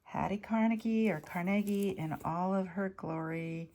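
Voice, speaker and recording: A woman talking casually in a vlog, showing off vintage jewelry finds with enthusiasm and sometimes dropping to a soft near-whisper. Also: medium pitch, normal speed. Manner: chatty, enthusiastic, drops to soft near-whispers over delicate pieces. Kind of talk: casual show-and-tell vlog.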